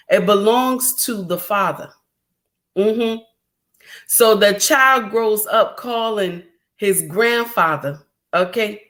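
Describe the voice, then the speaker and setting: A woman's voice: mid-range voice, takes it slowly, fairly bright tone. Emphatic middle-aged woman livestreaming commentary. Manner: emphatic, repetitive, addresses viewers directly. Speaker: livestream host.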